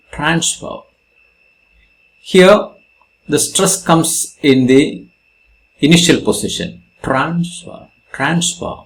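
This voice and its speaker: A male English teacher with an Indian English accent explains spelling rules in a grammar lesson. He talks slowly, with a pitch that rises and falls a lot, and he stresses syllables and repeats each example.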